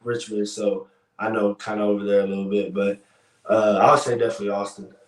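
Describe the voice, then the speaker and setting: A man's voice: on the low side, level tone, fast talker, far from the mic. A young man answering interview questions in a laid-back, easygoing way. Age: young adult. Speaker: college football player guest. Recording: echoey room, off mic.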